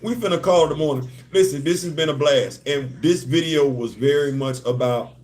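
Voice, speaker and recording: A man's voice: a little high, moderate pace, darkish tone. A man in his fifties hosting a casual live stream, laughing often, restarting sentences and turning heartfelt. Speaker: livestream host.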